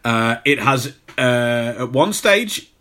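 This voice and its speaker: A man's voice: mid-range voice, lively intonation, slow pace, bright, forceful tone. A man co-hosting a podcast, talking casually about a film with jokes and plenty of restarts. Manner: rambling, jokey, many restarts. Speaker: podcast co-host.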